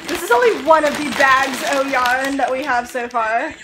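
A woman hosting a casual vlog from an apartment, bubbly and excitable, laughing often. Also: high-pitched, normal speed, heavy background noise. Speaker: vlog host. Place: apartment at night, indoors.

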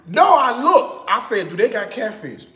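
A man vlogging in his home kitchen, chatting in a sassy, animated way with speech. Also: very high-pitched, echoey room. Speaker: cooking vlogger. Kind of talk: casual chat.

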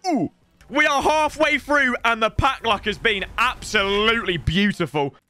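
A young man giving chatty, rambling commentary while opening game packs, bursting into shouts at good pulls. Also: very high voice, normal speed, faint music behind. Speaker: gaming YouTuber. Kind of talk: excited pack-opening commentary.

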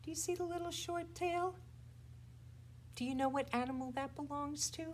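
With a high-pitched voice at normal speed, a woman running a children's library storytime for toddlers shares rhymes and a picture book, alternating exaggerated hushed and loud delivery. Slight background noise can be heard.

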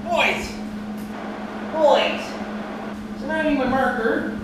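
A man's voice: extremely high pitch, fairly even intonation, slow pace. A Canadian man from Ontario giving casual, rambling commentary while he welds in his workshop. He keeps calling out to the boys and swears freely. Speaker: DIY vlogger. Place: echoey workshop garage. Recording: echoey shop with tool noise.

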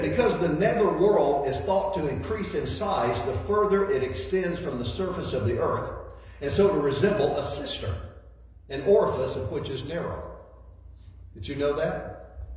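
A man's voice: on the high side, a little mellow. A man preaching a sermon as a guest speaker, folksy and repeating words as he builds his points. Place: church hall. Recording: echoey hall, distant mic, faint noise.

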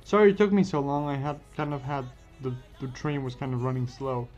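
A man voicing an eager teenage boy hero who talks in a rushed, apologetic way. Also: medium pitch, a little mellow, lightly acted. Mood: earnest. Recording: dull lo-fi with faint music.

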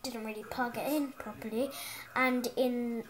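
Speaking a little slowly at medium pitch, this kid gaming vlogger rambles excitedly on a headset mic at home. The casual chat is sprinkled with ums and frequent restarts.

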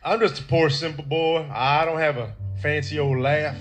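A man's voice: fairly high pitch, fairly even intonation, moderate pace, soft background music, lightly acted. A man playing a goofy, rambling good old boy dealer on a game show, with a put-on twang. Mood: folksy. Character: simple country good old boy who wrestles things.

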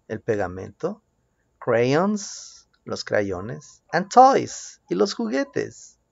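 A man with a Mexican Spanish accent teaching children English words, switching between English and Spanish and drilling them slowly with rising prompts. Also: medium pitch, gravelly, no room sound. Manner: slow, drawn-out drills with lively rising prompts. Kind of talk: bilingual children's English lesson. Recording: dull lo-fi sound.

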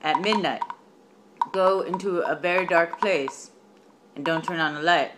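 A student voicing a bossy scheming old nursemaid, talking brassy and pushy. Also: female voice, lowish voice, measured pace, background noise, lightly acted.

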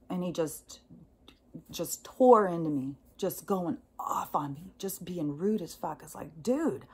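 A woman's voice: sits low, a little mellow. A middle-aged woman telling a casual story, blunt and profane, with many fillers and laughs. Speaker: host.

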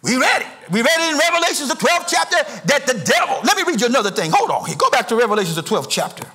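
A middle-aged male pastor, preaching a sermon with sing-song rises and shouted emphasis in a church. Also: very high-pitched, very animated, fast. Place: church sanctuary.

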